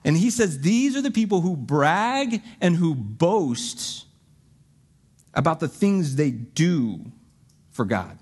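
A man preaching with a slightly higher voice. He reads verses with drama, then explains them in a relaxed, chatty way with little jokes. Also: slow, slightly rough. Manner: conversational, joking asides, dramatic readings of scripture. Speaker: pastor. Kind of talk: sermon.

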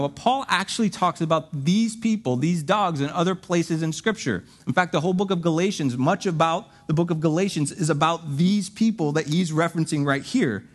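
A man preaching with a slightly higher voice. He reads verses with drama, then explains them in a relaxed, chatty way with little jokes. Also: breathy edge. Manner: conversational, joking asides, dramatic readings of scripture. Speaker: pastor. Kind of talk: sermon.

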